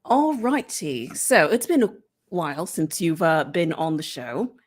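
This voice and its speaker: A woman hosting a casual livestream chat show, friendly and quick to laugh. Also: deep voice, sing-song. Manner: giggly, friendly. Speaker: host.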